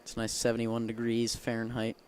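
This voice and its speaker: A man's voice: medium pitch, completely flat delivery, background noise. Young man calling a soccer game. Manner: casual, quick calls that rise with the action. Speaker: play-by-play commentator. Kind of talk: amateur sports commentary. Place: outdoors at a high school soccer field.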